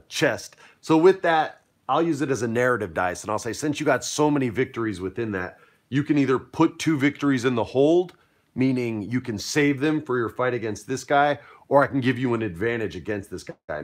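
A man acting as game master, explaining dice rules and narrating a pirate fight in an upbeat, playful way. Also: medium pitch.

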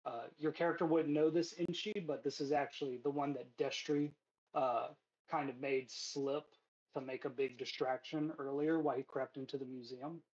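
A man narrating a tabletop game as game master, relaxed and filler-heavy. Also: medium pitch, moderate pace, lo-fi sound.

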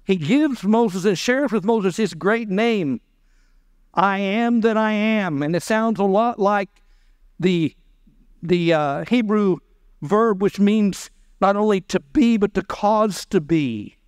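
Male pastor, sermon delivery, high clear voice, dry close sound. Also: slow, no room sound. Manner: preaching, acting out the voices of God and Moses. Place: church.

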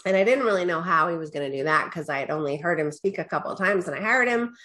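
In a casual storytelling interview, a fast-talking middle-aged woman, a guest business coach, recounts her story with energy. Her voice climbs when she quotes herself, and she fills her speech with "right?" and "da, da, da."

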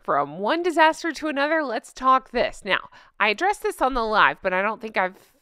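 A woman hosts her own commentary vlog in a bright, forward voice. She chats in a bubbly way and laughs often as she talks to her viewers. The sound is close and dry, with no room around it. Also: fairly high pitch, very animated, moderate pace, clear, resonant tone, no echo. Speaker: vlog host.

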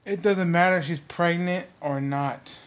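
A man's voice: fairly high pitch, measured pace. A young man hosting his own vlog, ranting heatedly and repetitively straight at his viewers. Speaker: vlog host.

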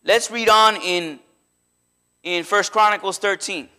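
A man preaching a sermon in a church, in a conversational, animated way that slips into acted quotes. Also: high voice, unhurried. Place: church sanctuary.

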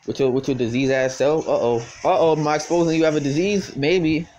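A young vlogger with a fairly high, steady, somewhat dark voice talks a little fast during a casual phone conversation, taunting and cursing with constant stuttered repeats. A faint hiss or hum sits under the recording.

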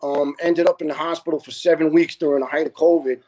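This man, in his fifties and a retired fire lieutenant from Staten Island, appears as a podcast guest telling family stories in a casual, earnest and heartfelt way, acting out what other people said. His voice is fairly high and steady, dark in tone, and he talks fast.

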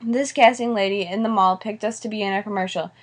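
A woman's voice: mid-range voice, fairly even intonation, fast talker, lightly acted. A woman reading as a goofy fun dad. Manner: jokey, playful. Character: goofy, eager-to-please dad.

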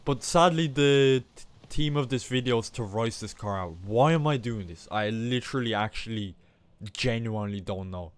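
A young man, a gaming channel host, giving casual gameplay commentary, excitable and self-mocking, often breaking into exclamations. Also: fairly low pitch, moderate pace. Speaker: gaming YouTuber.

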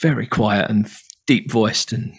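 A man's voice: on the low side, measured pace, gravelly, breathy edge. A British man co-hosting a podcast, talking in a chatty, rambling way and laughing easily. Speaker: podcast co-host. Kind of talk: casual chat.

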